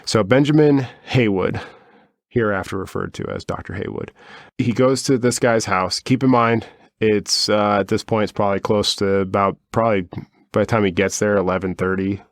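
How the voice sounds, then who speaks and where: Low-voiced man rambling through a story. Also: normal speed, no room sound. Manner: rambling and wry, with many fillers and asides. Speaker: podcast co-host. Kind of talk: casual storytelling chat.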